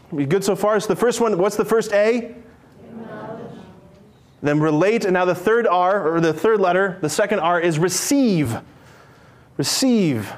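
A man with a high, bright-sounding voice preaching to a group. He talks in a playful, animated way, joking and acting out characters as he tells his stories. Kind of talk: lively sermon with acted-out stories.

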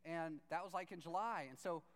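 A man telling a funny personal story to a church audience, animated and self-deprecating, with sudden excited outbursts. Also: fairly high pitch, brisk. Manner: animated, self-deprecating, jumps into excited shouts when acting out his own reactions. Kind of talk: comic storytelling.

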